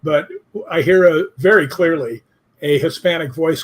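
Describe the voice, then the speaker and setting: Older man, husky, fairly high voice, casual guest telling rambling anecdotes. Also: moderate pace. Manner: rambling anecdotes with asides, quotes his own questions. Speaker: guest ghost hunter. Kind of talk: casual interview storytelling.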